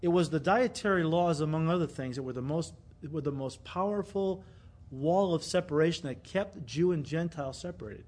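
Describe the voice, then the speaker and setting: A man with a high voice preaching a sermon from the pulpit. He teaches animatedly and acts out the people in his stories, jumping to loud emphatic bursts. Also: normal speed. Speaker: pastor.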